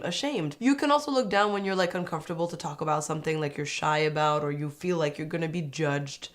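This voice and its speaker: A young woman doing a casual, opinionated recap of a reality show, chatty and sarcastic, sometimes mimicking people in a high mocking voice.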